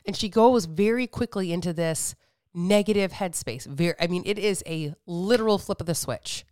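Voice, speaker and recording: Candid, smooth-voiced woman podcaster. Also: medium pitch, moderate pace, no echo, studio quality. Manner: candid, animated storytelling with frequent swearing and acted-out quotes. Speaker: fitness coach and podcast host. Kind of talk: casual monologue podcast.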